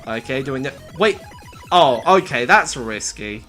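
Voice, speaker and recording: A streamer giving casual live reaction commentary, excitable, with quick exclamations and casual slang aimed at chat. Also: mid-range voice, soft background music. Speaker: livestreamer.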